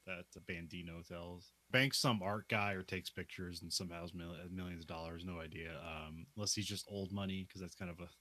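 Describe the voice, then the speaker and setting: A man's voice: sits low, fairly even intonation, fairly quick, few pauses, pushed and bright, no echo. A man co-hosting a casual TV recap chat, retelling the plot loosely and laughing often. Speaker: podcast co-host.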